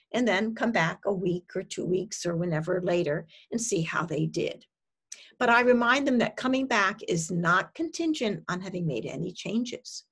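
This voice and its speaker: A woman dietitian giving a presentation, explaining her method step by step in a measured way with frequent ums. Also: medium pitch, slightly rough. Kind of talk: presentation to an audience.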